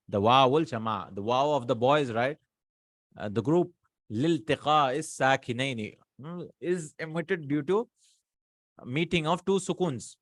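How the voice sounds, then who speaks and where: A man's voice: mid-range voice, a bit bright, no room sound, clean studio sound. A man teaching an Arabic grammar lesson in English, reading Arabic lines and checking in with "hmm?" and "right?".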